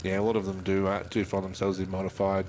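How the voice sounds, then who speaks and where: A man calling drag races live, chatty and quick with times and speeds. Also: low voice, monotone, a little mellow. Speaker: drag racing commentator. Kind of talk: live race commentary. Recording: faint track noise behind.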